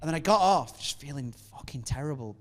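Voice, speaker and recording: Seorang pria bercerita dengan animasi dan sering tertawa. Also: male voice, fairly high pitch, brisk. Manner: animated storytelling, laughing often, acting out quoted lines; stammers and restarts often. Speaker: guest comedian. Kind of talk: casual podcast chat.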